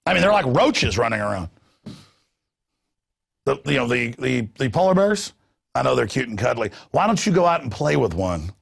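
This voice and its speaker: Gravelly, combative talk show host man. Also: medium pitch, big pitch swings. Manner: fast, combative, sarcastic. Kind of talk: ranting talk show monologue.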